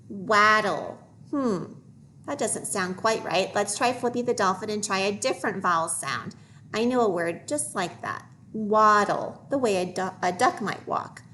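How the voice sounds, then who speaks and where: A woman teacher leading a phonics lesson for young children, modeling each word slowly and clearly. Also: medium pitch, a bit bright, a little hiss or hum. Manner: slow, deliberate modeling of words for young learners.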